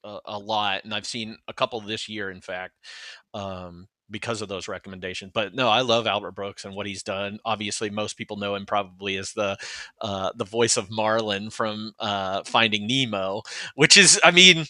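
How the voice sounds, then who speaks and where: A man with a bright, forceful voice talks through a casual movie chat and wanders between thoughts as he goes. The sound is dry and close, with no room around it. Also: fairly low pitch, steady tone, moderate pace, no echo. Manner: rambling, many fillers and restarts. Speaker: podcast co-host.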